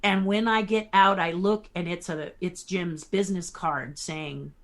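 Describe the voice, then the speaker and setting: Animated woman telling stories. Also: on the low side, a little slow. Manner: animated, chuckles through her stories. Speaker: guest puppeteer. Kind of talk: anecdotal storytelling in a podcast interview.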